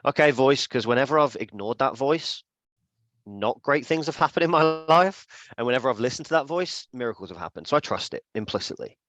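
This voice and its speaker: Guy telling a story in an interview, lively, acts out all the bits, dry close sound. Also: medium pitch, a little fast, no echo, lo-fi sound. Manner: animated, acts out dialogue. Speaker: event organiser, guest.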